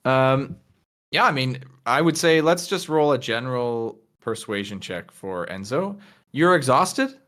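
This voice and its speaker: A man's voice: medium pitch, expressive, unhurried, a bit bright. A man running a tabletop game as game master, thinking aloud with hesitant fillers.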